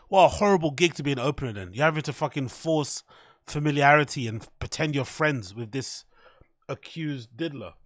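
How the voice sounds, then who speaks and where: A man's voice: a little high, lively intonation, normal speed, no room sound, studio quality. A man giving casual, slangy reaction commentary, laughing and sounding incredulous at what he watches. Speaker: streamer reacting to clips.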